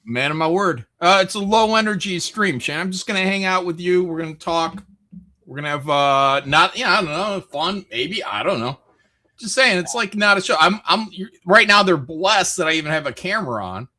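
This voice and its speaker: A man's voice: high voice, normal speed. A man hosting a casual livestream chat, rambling loosely and telling stories with lots of restarts. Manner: loose, rambling, animated storytelling. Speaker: stream host.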